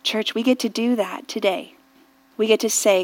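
A woman pastor preaching a sermon earnestly and reflectively, often dropping to a hushed near-whisper and rising to fervent prayer. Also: mid-range voice, normal speed, soft background music. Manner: rises to fervent intensity in prayer.

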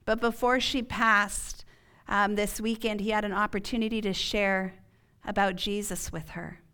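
A woman pastor preaching a sermon in church, earnest and emphatic, sometimes dropping to a hush. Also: mid-range voice, fairly even intonation, smooth. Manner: earnest, slow and emphatic, dropping to a hushed whisper at key points.

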